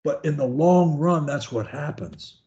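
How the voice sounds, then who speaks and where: A man's voice: fairly high pitch, animated, measured pace, mellow, dull audio. A man coaching a student one-on-one over a video call, talking in a folksy, rambling, encouraging way. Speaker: speech coach.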